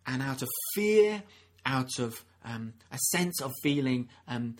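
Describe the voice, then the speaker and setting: Slow but animated, a man with a medium-pitched voice preaches a sermon in an earnest, conversational manner. He often restarts his sentences and acts out those he quotes.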